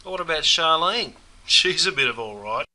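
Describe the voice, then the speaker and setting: A man's voice: a little high, lively intonation, normal speed, sharp tone, poor audio. A man doing a slangy Aussie bloke. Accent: Australian. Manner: broad slangy ocker drawl. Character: laid-back Aussie bloke watching cricket. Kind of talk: scripted comedy sketch.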